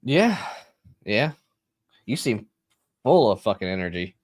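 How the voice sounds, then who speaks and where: Lively, blunt male co-host. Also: lowish voice, unhurried, no room sound, clean studio sound. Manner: blunt, profane banter. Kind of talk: casual chat.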